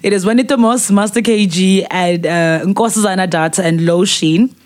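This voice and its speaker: A woman's voice: medium pitch, moderate pace, darkish tone. A woman, hosting a casual music podcast and recommending songs with chatty enthusiasm. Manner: enthusiastic and chatty, with filler words. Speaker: podcast host.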